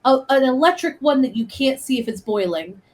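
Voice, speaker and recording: A young woman co-hosting a podcast in casual chat, animated and swearing freely while she makes vivid comparisons. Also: high-pitched, a little fast. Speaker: podcast co-host.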